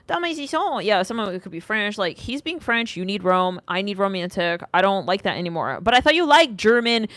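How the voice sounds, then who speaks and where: A woman's voice: medium pitch, big pitch swings, fairly quick, hardly any pauses, fairly bright tone. A woman rambling through a casual tarot reading, sassy and loose with her swearing. Her voice sits mid-range and sounds dry and close, with no room echo. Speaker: tarot reader.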